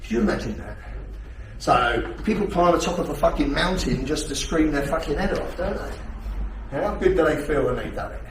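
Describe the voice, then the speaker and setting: A man's voice: a little high, lively intonation, normal speed, a little hiss or hum. A man teaching a self-defence class, blunt and full of swearing, firing rhetorical questions at his students. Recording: echoey hall, distant mic.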